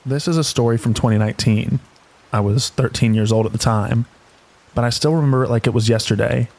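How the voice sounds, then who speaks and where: A man calmly reading scary stories aloud in a slow, low-key narration meant to help listeners sleep. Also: rough recording. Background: rain sounds.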